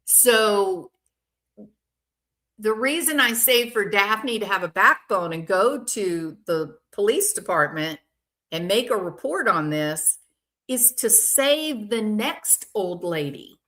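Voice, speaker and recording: A woman's voice: mid-range voice, expressive, slow pace, sharp tone. An older woman hosting a casual commentary, giving her opinion in a plain-spoken, emphatic way. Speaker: commentary channel host.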